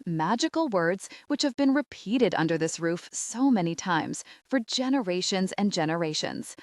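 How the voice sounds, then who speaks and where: Woman reading a rom-com audiobook, super expressive, kinda low voice, dry close mic. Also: no echo. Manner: animated, exasperated storytelling. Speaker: audiobook narrator. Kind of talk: first-person scripted narration.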